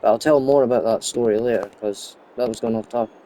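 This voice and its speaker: Rambling young man, mellow voice. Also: mid-range voice, steady tone, fast talker, a little hiss or hum. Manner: rambling, chatty, goes off topic. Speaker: gaming YouTuber. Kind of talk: casual gameplay commentary.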